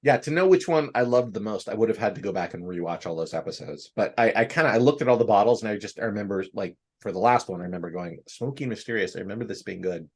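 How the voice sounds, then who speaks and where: A man's voice: fairly low pitch, lively intonation, quick pace, few pauses, darkish tone. A man hosting a casual podcast, a playful improviser who gushes and jokes. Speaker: host. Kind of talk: casual chat.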